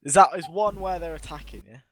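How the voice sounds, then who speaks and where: A man's voice: a little high, fast, a bit bright. A man playing a tabletop game over voice chat, tentative and thinking aloud. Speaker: player.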